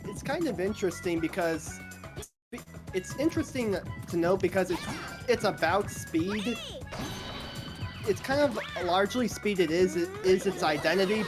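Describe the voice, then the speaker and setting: A woman commentating casually while playing a video game, explaining things and often restarting her sentences. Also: on the low side. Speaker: game player. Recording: music playing behind.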